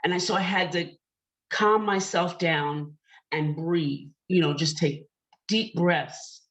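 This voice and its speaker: A woman's voice: fairly low pitch, slow, fairly bright tone. A woman hosting an online panel discussion, telling a personal story in a chatty, candid way with many fillers. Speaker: panel host. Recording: dull lo-fi online call audio.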